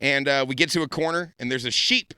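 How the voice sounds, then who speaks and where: A stand-up comedian telling a crude story in a podcast studio, with a brash, animated delivery. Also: male voice, mid-range voice, quick pace, clear, resonant tone, no echo.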